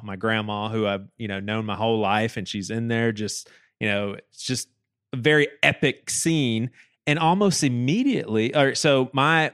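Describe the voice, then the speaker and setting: A man of middle pitch tells a personal story on a casual podcast. He is animated, repeats and restarts his words, and acts out what people said. His voice is recorded close and dry, with no room sound. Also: smooth, dry recording.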